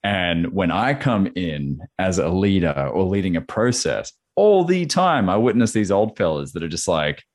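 Young man, low voice, laid-back. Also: big pitch swings, moderate pace, few pauses. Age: young adult. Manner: laid-back, slangy, swears. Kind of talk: casual chat.

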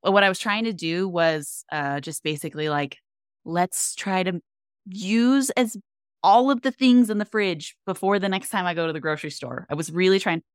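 A woman's voice: lowish voice, normal speed, smooth, dry recording, studio quality. A young woman co-hosting a food podcast, chatting in an upbeat, enthusiastic way. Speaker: podcast co-host. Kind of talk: casual chat.

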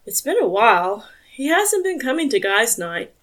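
A woman gives an easygoing man in an audiobook who chats about old times in a relaxed, meandering way. He speaks. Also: fairly high pitch, moderate pace. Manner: relaxed, rambling recall. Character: adult man, easygoing Southern family friend.

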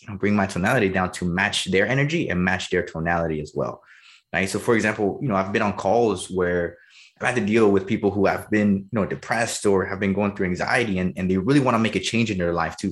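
A young man in his early twenties talks quickly about his sales work, with lots of energy. His voice sits low. He laughs often and keeps the chat casual. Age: early 20s. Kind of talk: casual conversation.

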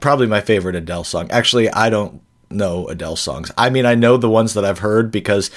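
A man's voice: on the low side, quick pace. A man co-hosting a podcast in casual chat, rambling along with dry humor and frequent self-corrections. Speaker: podcast co-host.

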